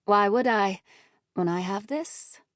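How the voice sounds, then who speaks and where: A woman's voice: mid-range voice, slow pace, no echo, clean studio sound, natural voice. A woman voicing a sweet, gushing young friend.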